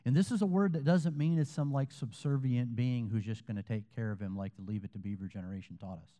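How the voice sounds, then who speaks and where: A man's voice: medium pitch, fast, mellow, in a large hall. A man preaching a sermon as a pastor, in a conversational way, telling stories and quoting other people. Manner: conversational preaching, storytelling with quoted voices.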